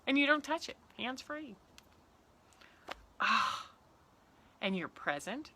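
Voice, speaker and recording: A woman's voice: high-pitched, sing-song, takes it slowly, pushed and bright, a little hiss or hum. A middle-aged woman, a parenting coach, giving earnest step-by-step advice in a talk.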